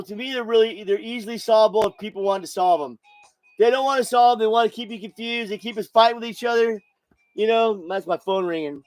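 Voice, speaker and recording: A man's voice: high-pitched, a little mellow, dry recording, poor audio. A man in his sixties hosting a podcast, rambling and swearing through a casual monologue while buzzed and intoxicated. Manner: rambling, profane, repeats himself. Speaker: podcast host.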